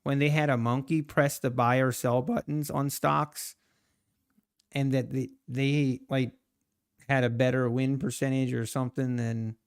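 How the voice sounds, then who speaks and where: A man's voice: mid-range voice, smooth. A man chatting casually on a live trading stream, rambling, laughing often and answering viewer comments. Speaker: live-streaming day trader.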